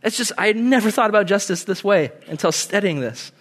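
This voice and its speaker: A young man preaching a sermon in an animated way, acting out quoted voices and laughing easily. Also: sits high, fairly quick. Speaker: pastor.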